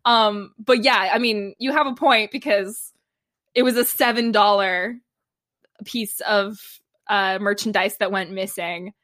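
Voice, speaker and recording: A woman's voice: medium pitch, fairly even intonation, a little slow, fairly bright tone. A woman co-hosting a podcast, recapping a TV episode in casual chat and laughing often. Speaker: podcast co-host.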